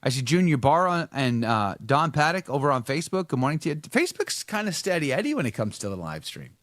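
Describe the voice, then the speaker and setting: Man, livestream host, casual chat, wry sarcastic jokes, swinging pitch, dry close sound. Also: very animated, quick pace, fairly bright tone, no echo.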